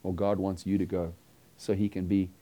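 A man preaching a sermon, earnestly telling a story and acting out the dialogue, sometimes dropping to a hushed tone. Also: deep voice, level tone, normal speed.

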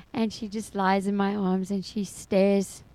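A woman's voice: mid-range voice, little pitch movement, slow, darkish tone, low-quality recording. A middle-aged woman giving a personal faith testimony as a foster mother, telling her story expressively and laughing often.

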